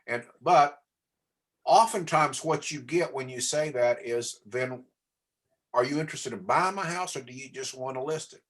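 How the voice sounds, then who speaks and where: A man's voice: medium pitch, moderate pace, a bit bright. A man teaching a real estate class, coaching in a plain way and often asking the class questions. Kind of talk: training class talk.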